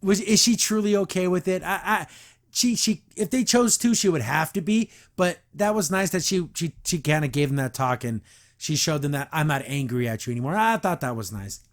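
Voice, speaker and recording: Excitable man recapping a cartoon. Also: a little high, brisk. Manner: enthusiastic, rambling, frequent restarts and laughs. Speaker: podcast host reviewing a cartoon episode. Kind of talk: casual recap and reaction.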